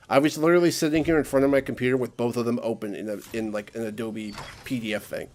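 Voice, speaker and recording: A man's voice: mid-range voice, brisk, darkish tone. A young man ranting casually to camera, exasperated and sarcastic, mimicking other people's voices when he quotes them. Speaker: vlogger. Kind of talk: casual rant.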